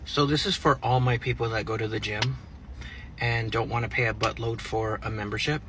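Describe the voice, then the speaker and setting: A man relaxedly explains a tip to viewers, pausing now and then to work out the details. His voice is bright at a middle pitch. A faint hum sits behind him. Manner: relaxed, hesitant, gives tips to viewers. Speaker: person sharing a money-saving tip. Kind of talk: casual explanatory talk.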